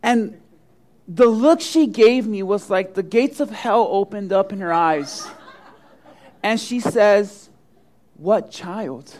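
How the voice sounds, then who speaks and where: Middle-aged pastor guy preaching, fairly high voice, acts out his stories all big and lively. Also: slow. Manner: animated storyteller, acts out quotes with big swings of pitch and loudness. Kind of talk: sermon with personal stories.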